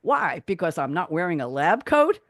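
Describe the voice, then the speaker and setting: A woman's voice: fairly low pitch, very animated, moderate pace, a bit bright, no echo, studio quality. A woman reading a young male spy-agency quartermaster's lines aloud from a film scene, without putting on an accent. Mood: prim. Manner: reads the part aloud in plain voice, no accent.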